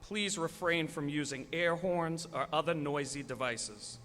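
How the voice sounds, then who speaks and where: Bright-voiced man making announcements. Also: fairly high pitch, measured pace. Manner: polite, firm reminders. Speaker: ceremony announcer. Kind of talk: formal announcement. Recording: reverberant hall with faint room noise.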